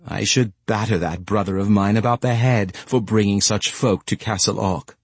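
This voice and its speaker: Haughty noblewoman voiced by a man, sneering, scornful, husky, low. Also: moderate pace, dry recording.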